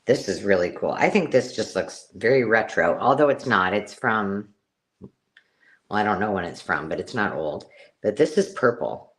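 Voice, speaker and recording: A woman hosting a live-stream craft sale, chatty and excitable, counting items aloud as she shows them. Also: very deep voice, normal speed. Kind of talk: casual live-stream selling chat.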